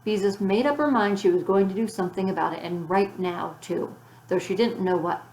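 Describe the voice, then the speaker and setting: Woman narrating a kids story, calm and even, echoey room. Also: medium pitch, fairly quick. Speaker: audiobook reader. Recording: roomy echo.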